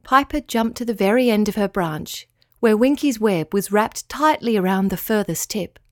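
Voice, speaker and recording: A woman reading a children's bedtime story aloud in a soft, slow, soothing way. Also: mid-range voice, animated, no room sound, studio quality.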